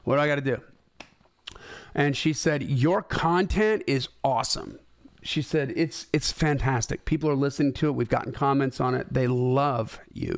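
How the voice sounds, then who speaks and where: A middle-aged man telling a business story in a conversational, animated way, acting out the dialogue he quotes. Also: mid-range voice, no room sound. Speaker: host. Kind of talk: storytelling talk.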